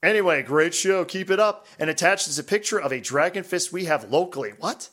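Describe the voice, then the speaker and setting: A man with a slightly high voice reads listener emails aloud on a casual podcast. He jokes around and laughs often between the lines. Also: lively intonation, a little fast, fairly bright tone. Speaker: podcast co-host.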